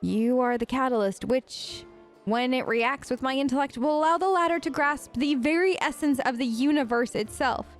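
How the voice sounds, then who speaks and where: A woman's voice: high-pitched, normal speed, faint music behind, pitched above the performer's own voice, natural voice. A woman putting on a pompous lofty scholar. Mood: grandiose. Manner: grandiose, lofty, condescending. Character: pompous self-absorbed female scholar. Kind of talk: reading game dialogue aloud.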